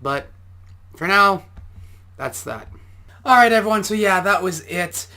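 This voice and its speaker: A man's voice: high voice, lively intonation, a little slow, bright, forceful tone. A man, an amateur boxer, giving casual reaction commentary and explaining boxing technique step by step.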